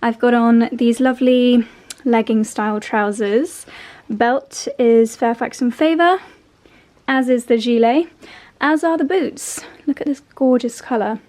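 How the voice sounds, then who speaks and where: A young lifestyle vlogger talks to camera in her country home and garden, gushing affectionately as she narrates her day. Her voice is fairly high and darkish in tone, with a measured pace.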